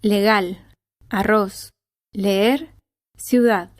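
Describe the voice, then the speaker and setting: A woman reading example words aloud slowly and carefully, as a pronunciation model. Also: medium pitch, steady tone, dry recording, clean studio sound. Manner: slow, careful enunciation.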